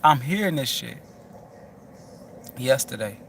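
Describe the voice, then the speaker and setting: A man's voice: mid-range voice, animated, takes it slowly, slight background noise. Rambling, profane man in casual chat. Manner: rambling, loose and profane, with many restarts.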